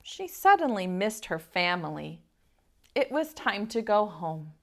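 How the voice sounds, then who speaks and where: A young adult woman, a preschool teacher, reading a picture book aloud to small children with an animated, expressive manner. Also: mid-range voice, unhurried.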